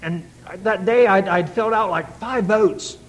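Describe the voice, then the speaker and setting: In an unhurried voice that sits high, a middle-aged man gives earnest, folksy testimony about his own life to a recovery meeting, restarting frequently. The recording is rough.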